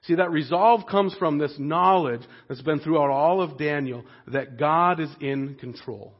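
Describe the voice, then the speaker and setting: A man preaching a sermon in a conversational way, growing animated when he voices the people in the story. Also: fairly high pitch, measured pace, muffled recording. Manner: conversational, animated when voicing quoted figures. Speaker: pastor.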